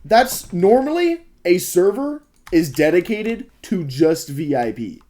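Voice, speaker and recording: A man's voice: sits high, slow pace. Swearing young man ranting about work. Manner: animated, frustrated ranting with frequent swearing; mutters asides to himself while building in a game. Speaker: restaurant server telling a work story. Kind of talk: casual storytime vlog.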